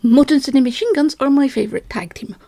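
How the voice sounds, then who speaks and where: A woman's voice: sits high, fast, vocal fry, dark tone, no room sound. A woman ranting in an agitated, rambling, self-mocking monologue, a little out of breath. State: slightly out of breath. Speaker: vlogger.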